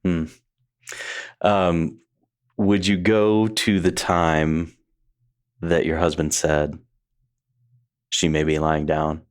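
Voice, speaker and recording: A man hosting a podcast interview, asking gentle, probing questions and giving soft agreeing murmurs. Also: low-pitched, level tone, very slow, pauses often. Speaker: podcast host. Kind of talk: interview conversation.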